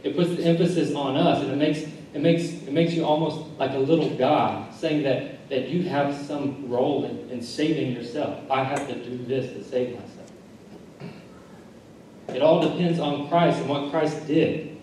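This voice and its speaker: A man's voice: fairly high pitch, fairly even intonation, moderate pace, mellow, slight background noise. A man, a pastor, preaching a sermon in earnest, repeating phrases and restarting his sentences. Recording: echoey church hall recording from far off.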